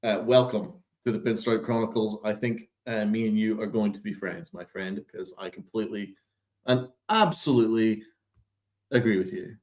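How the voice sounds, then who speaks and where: A man's voice: on the low side, moderate pace, a little mellow. A man hosting a sports podcast, ranting with sarcastic, exasperated, profane commentary. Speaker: podcast host.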